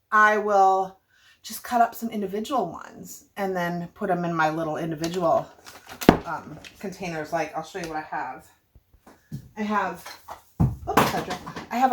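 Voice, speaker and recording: Cooking along in her own kitchen, this older woman rambles chattily to the camera for her homestead vlog, frequently laughing and fixing her own words. She speaks at a normal pace in a fairly low, animated and fairly bright voice.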